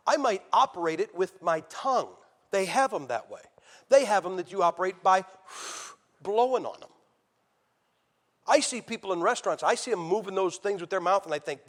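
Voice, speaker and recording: A man's voice: high-pitched, lively intonation, fairly quick. A middle-aged man preaching, an evangelist telling his own story in a conversational, emotional and direct way. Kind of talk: sermon testimony.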